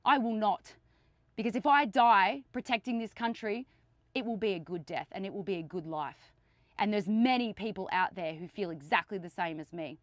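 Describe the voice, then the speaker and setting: A woman's voice: medium pitch, normal speed, dry recording, clean studio sound. A woman giving an impassioned speech, urgent and emphatic, repeating her points. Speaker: activist.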